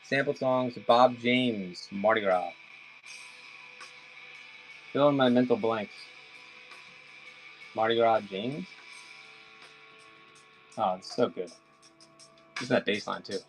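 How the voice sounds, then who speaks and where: A man's voice: mid-range voice, takes it slowly, long pauses, over music, rough recording. A man chatting casually with viewers during a live auction stream, rambling and addressing them by name.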